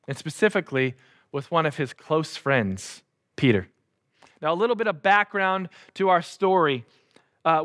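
A man's voice: high voice, a bit bright. A man preaching a casual sermon as a pastor, joking and acting out Bible figures in playful voices.

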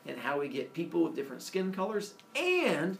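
Animated male teacher telling a myth. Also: a little high, normal speed, creaky, a little hiss or hum. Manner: animated, playful storytelling, asides to students. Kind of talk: retelling a myth to a class. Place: classroom. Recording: echoey room, far from the mic.

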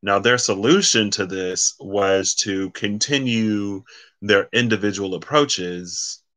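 A man's voice: lowish voice, slow pace, fairly bright tone. A man giving a casual solo card reading, rambling and correcting himself as he reads card meanings aloud. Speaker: tarot card reader.

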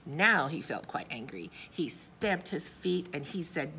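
A woman reading a picture book aloud to children, expressive and asking her young listeners questions. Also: sits low, measured pace, slight background noise. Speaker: children's story reader.

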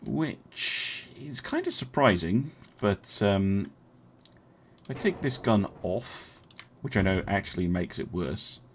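Fields: Sex: man. Role: game streamer. Style: casual live-stream commentary. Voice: low, gravelly, very lively pitch. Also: slow pace, slight background noise. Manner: chatty, thinking aloud, talking to chat with many fillers.

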